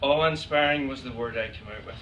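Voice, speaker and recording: A man's voice: mid-range voice, brisk, lo-fi sound. An Irish man, a photographer, telling funny anecdotes to an audience, laughing often. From Ireland. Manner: chatty, laughs often, acts out quoted exchanges. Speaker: photographer giving a talk. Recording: echoey room, distant mic, noisy.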